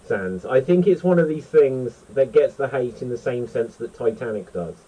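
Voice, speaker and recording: A man hosting a casual panel chat, excitable and chatty. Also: medium pitch, moderate pace, husky, rough recording. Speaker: host.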